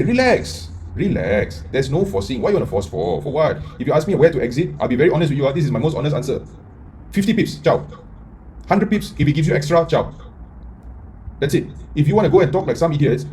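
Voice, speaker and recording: A man teaching a live trading lesson in a blunt, profane way, firing rhetorical questions at his viewers and swinging between loud bursts and mutters. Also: mid-range voice, slight background noise. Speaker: trading mentor.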